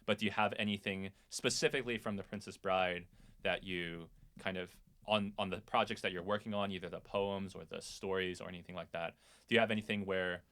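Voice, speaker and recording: Deep-voiced guy cohosting a chill podcast, kinda hesitant, trails off. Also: fairly even intonation, fairly quick. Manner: easygoing, hesitant, trailing off quietly. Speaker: podcast co-host. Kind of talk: casual chat about a film.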